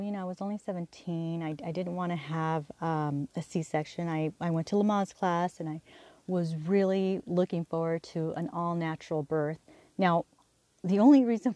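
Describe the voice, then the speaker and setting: A woman hosting a podcast, telling a personal story candidly, halting with fillers and restarts and acting out the dialogue. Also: fairly low pitch, mellow, no room sound. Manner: acts out quoted dialogue. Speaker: podcast host.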